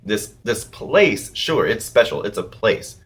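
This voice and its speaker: Male TV reviewer, low voice, casual, profane, animated rambling. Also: slow pace. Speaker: TV episode reviewer.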